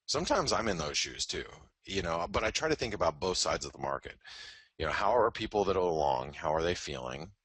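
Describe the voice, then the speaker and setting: A man's voice: deep voice, big pitch swings, a little fast, a bit bright, breathy edge, no room sound. A man hosting a live trading show, giving candid, joking market commentary full of "you know" asides. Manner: candid, joking, self-deprecating, many "you know" fillers. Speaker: host and trading educator.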